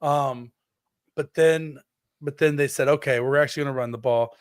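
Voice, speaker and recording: A man in his thirties co-hosting a podcast, telling stories in an animated way, acting out quotes and swearing freely. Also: mid-range voice, moderate pace, clean tone, no room sound, clean studio sound. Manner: animated storytelling, acts out quotes in exaggerated voices, swears freely. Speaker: podcast co-host. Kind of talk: casual chat.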